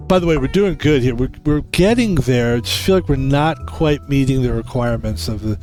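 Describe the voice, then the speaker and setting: A man's voice: mid-range voice, expressive, fairly quick, few pauses, darkish tone, faint music behind. A man from the United States hosting a game stream, talking in a loose, rambling way and swearing often. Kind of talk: casual stream chat while gaming.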